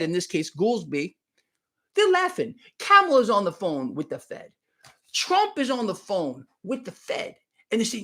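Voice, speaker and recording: A man's voice: sits high, huge pitch swings, measured pace, bright, forceful tone. A man hosting a live stream of market commentary, talking straight to his viewers with sarcastic, exclaiming emphasis.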